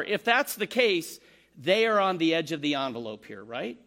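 A man preaching a sermon, animated, acting out the complaints he quotes. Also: high voice, a little slow. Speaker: pastor.

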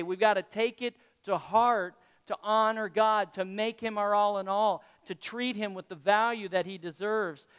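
High-voiced pastor preaching in a hall. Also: male voice, a bit bright, smooth. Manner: conversational preaching with questions to the congregation. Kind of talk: sermon. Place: church hall with congregation.

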